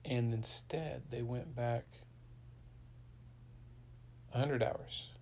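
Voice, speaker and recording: A man's voice: mid-range voice, steady tone, unhurried, vocal fry, darkish tone, slight background noise. A man improvising a playful story for a child, with sound effects and an easy, chatty delivery. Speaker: parent telling a bedtime story.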